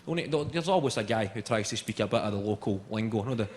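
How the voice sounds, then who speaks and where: A man with a Scottish accent performing a live stand-up routine, telling animated stories and laughing at his own jokes. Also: lowish voice, fast talker, slight background noise. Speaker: stand-up comedian. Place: large theatre stage. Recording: echoey hall, loud audience laughter.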